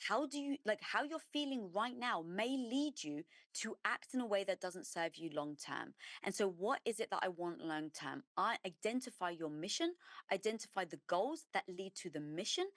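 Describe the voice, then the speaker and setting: A middle-aged entrepreneur woman, a guest on an interview show, telling her story with emphasis and lively detail. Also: medium pitch, no echo, clean studio sound. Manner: emphatic and animated, acting out her own past thoughts.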